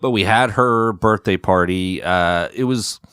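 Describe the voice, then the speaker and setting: A man's voice: low voice, a little slow, fairly bright tone, smooth, no echo, clean studio sound. A man co-hosting a podcast, telling a story in casual chat with lots of fillers and restarts. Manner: rambling storyteller, many fillers. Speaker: podcast co-host.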